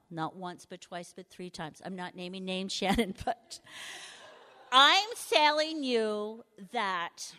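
Woman speaker giving a slow, laughing testimony in a church hall with long reverb. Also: on the low side, fairly bright tone. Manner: laughs easily while telling stories. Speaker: mission trip speaker. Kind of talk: storytelling testimony.

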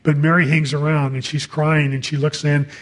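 A man's voice: a little high, flat delivery, normal speed. A man preaching a sermon in a conversational way, reading scripture and adding casual asides.

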